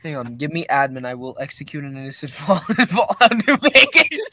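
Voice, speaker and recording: Loud swearing man in voice chat. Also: mid-range voice, brisk, no room sound. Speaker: gamer friend. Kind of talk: casual gaming chat.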